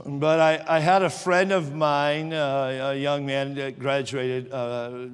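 A middle-aged man preaching a sermon as pastor, moving from joking chat to loud fervent preaching. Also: mid-range voice, flat delivery, slow pace, clean tone, long reverb tail.

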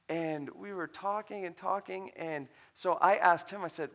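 A man who is a pastor, telling a story in a sermon in a conversational, animated way with fillers. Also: a little high, normal speed, hardly any pauses.

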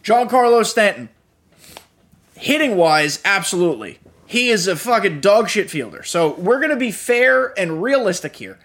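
A young man with a notably high voice talks through a casual gaming podcast. He is tired and a little drained, yet blunt and frustrated, dropping swears freely. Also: very animated, moderate pace, fairly bright tone. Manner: blunt and profane, frustrated asides. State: tired, yawning. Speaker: podcast host.

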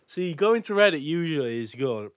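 A man's voice: fairly high pitch, normal speed, dry recording. A young man, co-hosting a casual podcast chat, joking and swearing freely. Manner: jokey, swears freely, animated. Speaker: podcast co-host.

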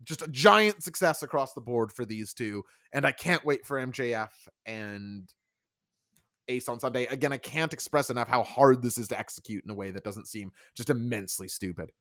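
A man hosting a wrestling review show in casual chat, animated and emphatic. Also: mid-range voice, moderate pace, no room sound, clean studio sound. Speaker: podcast host reviewing wrestling.

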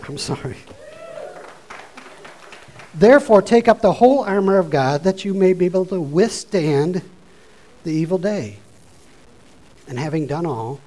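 A man preaching a sermon, informal and conversational, rising from quiet asides to loud exhortation. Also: high voice, expressive, a little slow, pauses often, low-quality recording.

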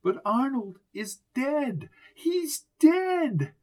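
A man reading an audiobook, voicing a grieving older society woman who speaks in a shaky, halting way. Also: extremely high pitch, very animated, a little mellow, pitched above the performer's own voice, heavily acted. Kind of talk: audiobook character voice.

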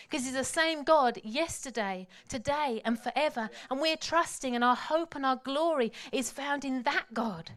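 Woman, preacher, high-pitched, dramatic, hushed to shouting. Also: normal speed, hardly any pauses. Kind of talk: sermon.

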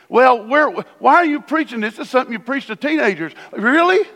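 A man's voice: extremely high pitch, expressive, moderate pace, fairly bright tone. A man preaching a sermon as pastor in a church, conversational with sudden emphatic bursts. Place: church sanctuary. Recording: long hall reverb.

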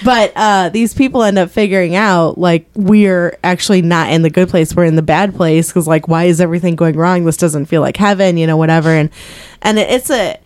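A woman's voice: lowish voice, steady tone, a little fast, a little mellow, no echo, studio quality. A woman chatting casually about TV shows, full of filler words and laughter. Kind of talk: casual chat.

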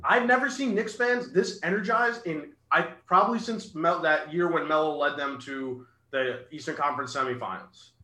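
Bright-voiced man in an echoey room. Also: on the high side, moderate pace, few pauses. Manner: earnest, rattles off stats. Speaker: sports podcast co-host. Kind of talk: casual sports chat.

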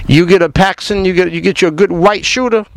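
Gravelly, preachy man talking emphatically. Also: high voice, a little fast, slight background noise, low-quality recording. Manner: emphatic, preachy, rhetorical questions to the listener; repeats words when fired up. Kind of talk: impassioned commentary.

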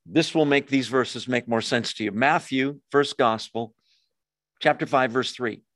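A man teaching a Bible study in a relaxed, conversational way, with pauses, fillers and quick asides to his group. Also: mid-range voice, no room sound, studio quality.

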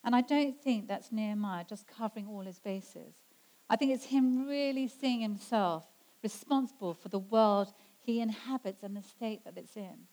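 A woman preaching a sermon in an earnest way, slowing down to stress scripture quotes. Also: mid-range voice, dark tone, low-quality recording. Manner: earnest, slows down for emphasis when quoting scripture.

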